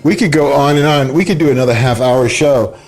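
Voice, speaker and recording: A man's voice: mid-range voice, a little fast, a little mellow. A man hosting a live internet radio show, chatting casually, laughing often and swearing freely. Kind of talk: casual chat.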